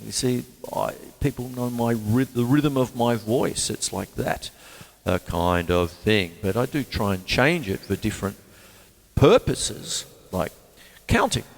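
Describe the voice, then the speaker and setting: A man hosting a drum show, teaching in a casual, chatty way and counting beats out loud. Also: mid-range voice. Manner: animated, counts beats aloud in rhythm. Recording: long reverb with drum music behind.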